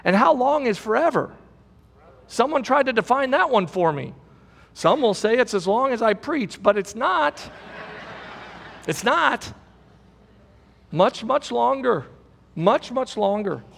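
A man's voice: very high-pitched, lively intonation, takes it slowly, gravelly, pauses often, a bit bright, slightly rough, big-room sound. A man preaching a sermon as pastor, emphatic and repetitive, asking the congregation rhetorical questions.

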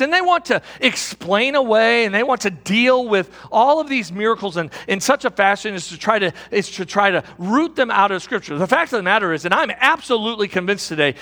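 High-voiced emphatic preacher man. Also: a bit bright, in a large hall. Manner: emphatic, rousing, repeats phrases. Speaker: pastor. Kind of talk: sermon.

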